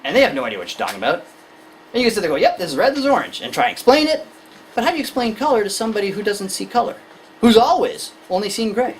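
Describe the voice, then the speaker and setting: A woman's voice: mid-range voice, very animated, very fast, slight background noise, rough recording. A woman giving a conversational lecture to parents on anxiety in children, explaining with everyday examples. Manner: conversational, illustrates with examples and acted-out scenes.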